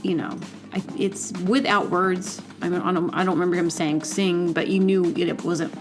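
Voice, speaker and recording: A woman's voice: on the low side, fairly even intonation, moderate pace, over music. A woman hosting a solo podcast, rambling chattily through digressions with lots of fillers. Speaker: podcast host. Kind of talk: casual solo monologue.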